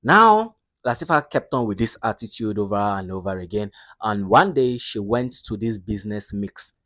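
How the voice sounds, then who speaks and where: A man's voice: fairly low pitch, animated, moderate pace, a bit bright, no room sound. A man casually retelling a film's story in a chatty, repetitive way. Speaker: movie recap narrator.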